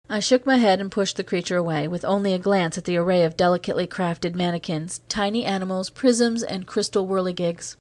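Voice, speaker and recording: A woman narrating a science fiction audiobook in a steady, measured reading. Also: fairly low pitch, dry recording.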